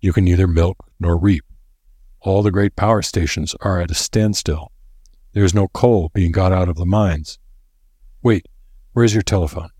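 A man reading aloud, voicing a grim, solemn old professor who speaks gravely. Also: low-pitched, a little mellow, dry recording, studio quality. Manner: grave, measured. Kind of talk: audiobook character voice.

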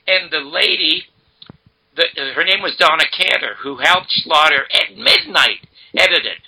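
Gravelly older man telling a story. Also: fairly high pitch, animated, normal speed, noisy background. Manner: emphatic, dramatic retelling. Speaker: interview guest. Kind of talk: animated storytelling.

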